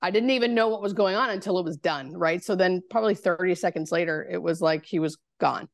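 A woman, a hospice nurse, telling a personal story in a podcast interview, halting and searching for words with many fillers. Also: lowish voice, gravelly, dry recording, studio quality.

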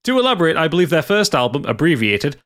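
A man's voice: on the high side, big pitch swings, quick pace, a bit bright. A man with a Geordie accent, co-hosting a casual podcast, reading listener messages aloud and joking along the way. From North East England. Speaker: podcast co-host.

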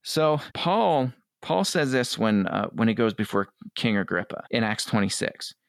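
Gravelly man, earnest interview guest. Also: lowish voice, big pitch swings, dry recording, clean studio sound. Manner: earnest, quotes others in quick asides. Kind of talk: conversational interview.

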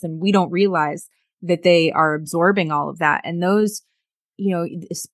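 A woman's voice: fairly low pitch, fairly even intonation, normal speed, no echo, studio quality. A middle-aged woman talking earnestly in a casual conversation, often repeating words and acting out lines from family life. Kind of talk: casual conversation about sobriety.

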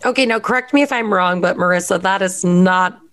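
A woman's voice: on the low side, a little fast, a bit bright. Chatty upbeat woman co-hosting a podcast. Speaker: podcast co-host. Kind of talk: casual podcast interview.

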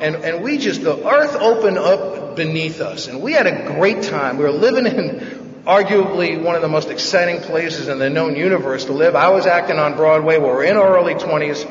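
A man from the Bronx telling his own story at a recovery meeting, with wry jokes and animated delivery. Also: fairly high pitch, normal speed. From the Bronx, New York. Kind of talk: personal recovery talk, humorous storytelling. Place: large meeting hall. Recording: echoey hall, distant mic, dull sound.

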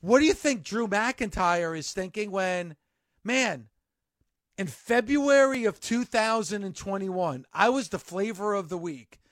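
A man's voice: high voice, animated, measured pace, dry recording, clean studio sound. A man doing a wrestling promo as an aggrieved male wrestler who feels betrayed by the crowd, growing indignant. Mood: bitter. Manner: indignant, building to shouted complaints.

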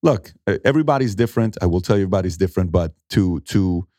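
A middle-aged man, an entrepreneur, telling animated stories in a conversational interview and acting out what people said. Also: sits low, fast talker, no echo, clean studio sound. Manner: animated storyteller acting out quotes, emphatic.

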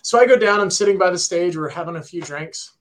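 A man in his thirties, a guitarist, telling a story in casual chat, animated and excitable, full of "like" and "right?". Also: high-pitched, fast talker.

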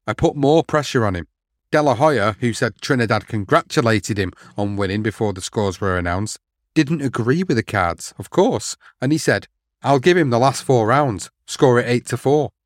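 A man's voice: mid-range voice, expressive, moderate pace, no echo, studio quality. A man hosting a boxing history show, telling the story steadily and reading out quotes. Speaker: podcast host.

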